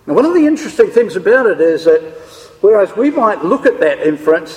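Guy giving a bible lecture, kinda high voice, long echo off the hall. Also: sing-song, fast talker. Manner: explains step by step, checks in with the listeners. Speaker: Bible teacher. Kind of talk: scripture lecture to a class.

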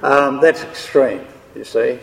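A man's voice: mid-range voice, slow pace, creaky. Man teaching scripture in a reverberant hall. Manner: explains step by step, checks in with the listeners. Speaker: Bible teacher. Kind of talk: scripture lecture to a class.

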